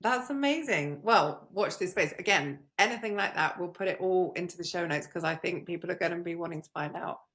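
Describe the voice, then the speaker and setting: A woman's voice: on the low side, brisk, hardly any pauses, a bit bright. A woman hosting a podcast, chatty and encouraging, laughing easily with her guest. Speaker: podcast host. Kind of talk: casual interview chat.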